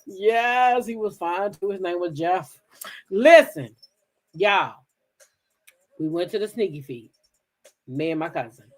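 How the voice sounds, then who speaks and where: A woman from the DC hosting a casual livestream, telling stories straight to her viewers in an animated, profane way. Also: fairly low pitch, slow pace, long pauses. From Kensington, Maryland, near Washington DC. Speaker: livestream gossip host. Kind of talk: casual chat with live viewers.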